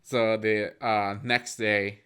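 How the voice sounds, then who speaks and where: A man's voice: lowish voice, flat delivery, takes it slowly, fairly bright tone, clean tone. A man co-hosting a podcast, casually recapping a film in a rambling way with frequent fillers. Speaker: podcast co-host. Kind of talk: casual movie-review chat.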